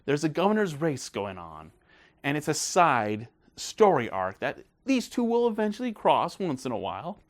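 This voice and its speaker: A man hosting a casual film review video, talking in a gushing, excited way. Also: on the high side, moderate pace.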